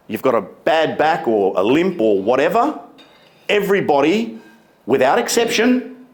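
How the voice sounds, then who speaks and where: A man giving a motivational keynote speech on a conference stage, emphatic and deliberate, stretching key words. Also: a little high. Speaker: keynote speaker.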